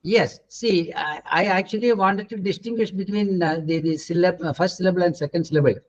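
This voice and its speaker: A man's voice: high voice, a little fast. A middle-aged man with an Indian English accent teaching pronunciation in an online class, patient and correcting students, with many hesitant fillers. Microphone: video call. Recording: dull lo-fi webinar audio.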